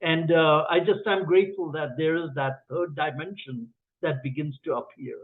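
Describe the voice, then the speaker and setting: A man speaking earnestly as a guest, halting with frequent fillers. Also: fairly high pitch, fairly even intonation. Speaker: guest author, painter. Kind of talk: reflective guest talk. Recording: tinny phone line.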